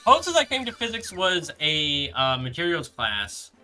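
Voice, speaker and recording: A young man streaming a game, rambling casually and answering chat with halting restarts. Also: fairly high pitch, wildly swooping pitch, bright, forceful tone. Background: background music.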